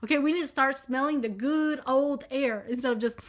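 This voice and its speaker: A woman's voice: high-pitched, a little fast. A young woman in college talking frankly and profanely in a rambling vlog monologue, full of fillers. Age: young adult. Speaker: vlogger. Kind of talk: casual candid monologue.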